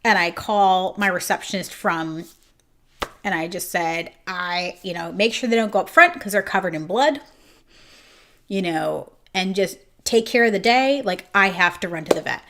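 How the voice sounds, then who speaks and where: A woman's voice: on the low side, a bit bright. A woman who owns a grooming salon, telling a story in an emotional, casual way with many "like"s. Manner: emotional, fast-shifting retelling with many "like"s. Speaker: grooming salon owner and host.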